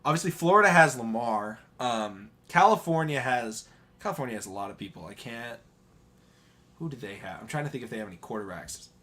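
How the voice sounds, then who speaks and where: Bright-voiced man in casual sports chat. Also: mid-range voice, expressive, a little fast. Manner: rambling, hesitant, laughs often. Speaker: podcast co-host.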